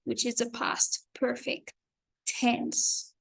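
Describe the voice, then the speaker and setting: A woman teaching an online grammar lesson, explaining slowly and carefully with example sentences and correcting her own slips. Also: a little high, steady tone, creaky, bright, forceful tone. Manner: corrects herself and apologizes for slips.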